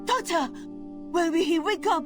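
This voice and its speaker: A man voicing a distraught young woman in a high falsetto while reading a game aloud. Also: moderate pace, over music. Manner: squeaky high falsetto, pleading.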